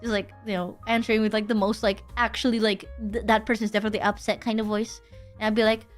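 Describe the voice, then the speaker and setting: A woman's voice: medium pitch, little pitch movement, fast talker, soft background music. A young woman streaming, chatting casually and rambling, with lots of restarts and self-deprecating asides. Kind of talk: casual livestream chat.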